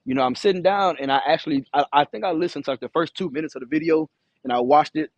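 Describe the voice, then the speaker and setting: Man, trucker vlogger; rambling, profane storyteller who stutters; slightly high voice, dry close sound. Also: quick pace, gravelly, no echo, dull audio. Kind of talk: casual storytelling to camera. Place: in his truck.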